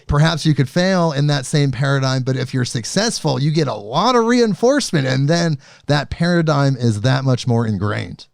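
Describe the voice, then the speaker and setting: A man's voice: medium pitch, animated, moderate pace, vocal fry, hardly any pauses, no echo, studio quality. A man hosting a podcast interview, adding reflective points and encouraging reactions. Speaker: podcast host. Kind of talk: casual interview conversation.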